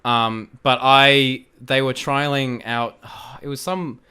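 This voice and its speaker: An excitable young Australian man tells a story as a podcast guest. His voice is bright and crisp, and he laughs and repeats phrases as he goes. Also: mid-range voice, slow. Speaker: guest, fan video creator. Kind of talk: casual storytelling in a podcast chat.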